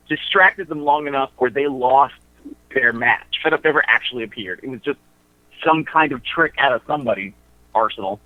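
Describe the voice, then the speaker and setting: A man calling in to a radio show, talking through wrestling matchups in a halting way, with lots of fillers and restarts. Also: a little high, no echo. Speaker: wrestling promotion insider guest. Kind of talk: casual radio chat. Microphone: phone. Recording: tinny phone line.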